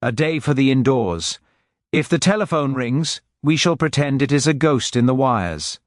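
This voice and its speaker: Man voicing a Highland village policeman, mild, soft lilting Scottish voice, unhurried, dry sound. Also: animated, no echo, close to an everyday voice. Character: easygoing Highland village constable, mild and wry.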